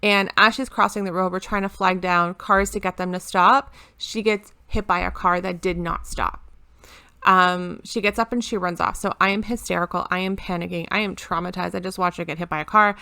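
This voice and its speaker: Bright, crisp-voiced woman vlogger. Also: fairly low pitch, steady tone, moderate pace. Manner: chatty, rambling with many ums and restarts. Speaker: planner vlogger. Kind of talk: casual chat to camera. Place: at home.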